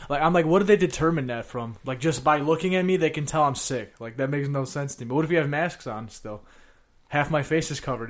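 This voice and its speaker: Fast-talking young American man, swearing. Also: medium pitch. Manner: rambling, heavy swearing, says "bro" and "like" a lot. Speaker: podcast co-host. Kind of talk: casual podcast chat.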